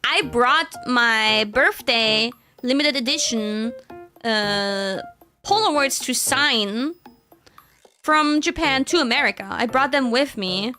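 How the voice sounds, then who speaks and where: A woman's voice: on the high side, takes it slowly, sharp tone, soft background music. A young woman chatting casually on her stream, rambling with fillers and frequent giggles. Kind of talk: casual chat.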